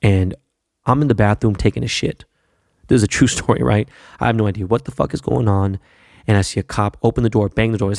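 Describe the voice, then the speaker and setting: A man's voice: on the low side, fairly even intonation, fast, vocal fry, a little mellow, no room sound, studio quality. A man hosting a podcast, telling a long, profane, rambling anecdote full of fillers. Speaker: podcast host. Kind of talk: casual storytelling monologue.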